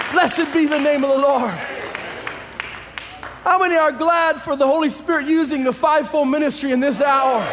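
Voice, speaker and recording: Brief: high-pitched male preacher, shouted sermon, long church reverb. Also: background noise. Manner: shouting, rising fervor with quiet low stretches. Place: church sanctuary. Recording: long hall reverb, faint congregation.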